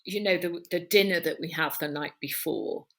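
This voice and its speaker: A woman hosting a podcast interview, talking in an animated, emphatic way and piling up descriptions. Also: lowish voice, moderate pace. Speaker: podcast host. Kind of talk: conversational interview.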